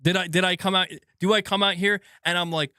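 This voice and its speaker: Young male gaming host, high animated voice, exasperated and profane rant, dry close recording. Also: brisk, clear, resonant tone, no echo. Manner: exasperated, swears often, restarts sentences, mocks with put-on quotes. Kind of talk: heated solo rant.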